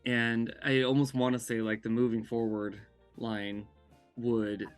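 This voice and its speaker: A man's voice: mid-range voice, measured pace, smooth, faint music behind. Chatty man telling stories. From California, USA. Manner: animated, laughs often while telling stories. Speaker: guest. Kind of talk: casual storytelling. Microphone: remote call.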